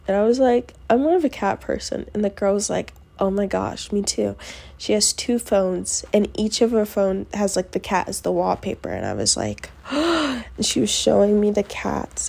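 A woman telling a story in a casual, chatty way. She uses lots of fillers and acts out quoted lines in a higher voice. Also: creaky, dark tone. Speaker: podcast host.

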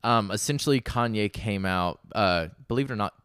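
A man hosting a casual chat, relaxed and joking, with trailing asides. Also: on the low side, fairly quick, clear, resonant tone, no room sound, clean studio sound.

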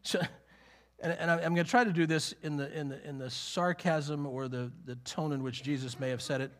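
A man teaching a conversational Bible sermon, animated and emphatic, acting out the quotes as he goes. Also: on the high side, a little fast. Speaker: preacher.

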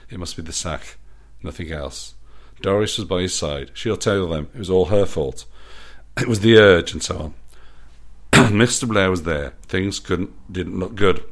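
Male storyteller, very low pitch, playful self-amused reading. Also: unhurried. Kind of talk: reading his own story aloud.

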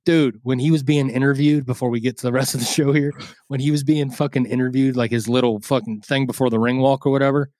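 A man's voice: mid-range voice, fairly even intonation, quick pace, a little mellow, dry recording, clean studio sound. A man co-hosting a boxing podcast in casual, crude, joking banter. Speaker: podcast co-host.

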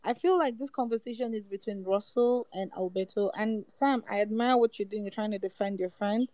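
A woman steps into a voice-chat quarrel to settle things down, speaking calmly and conciliatorily. Her tone is mellow and warm. The audio is dry and slightly muffled and lo-fi. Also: mid-range voice, a little fast, no room sound. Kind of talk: mediating in an argument.

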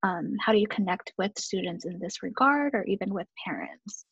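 A woman host asking thoughtful, measured interview questions. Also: mid-range voice, lively intonation, vocal fry, fairly bright tone, husky, no room sound, highs cut off. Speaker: podcast host.

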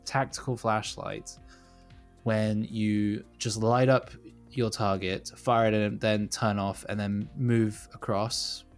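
A man's voice: lowish voice, flat delivery, slow, faint music behind. A man co-hosting a casual podcast, rambling and self-deprecating, laughing often. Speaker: podcast co-host.

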